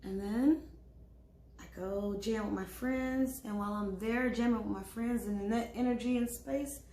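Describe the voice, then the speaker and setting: A woman's voice: a little high, moderate pace. Woman telling a dating story, swears a lot, acts out the texts, echoey room w/ faint hum. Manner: animated, profane, acts out her own and others' words. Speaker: podcast guest. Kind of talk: casual storytelling chat.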